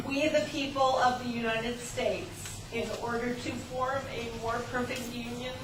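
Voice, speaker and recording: A woman with a fairly high voice reads aloud steadily, placing each phrase with care. She is far from the mic in a very echoing room, and clear hiss runs under her voice. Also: little pitch movement, a little slow. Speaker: class assistant reading aloud. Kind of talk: reading a text aloud.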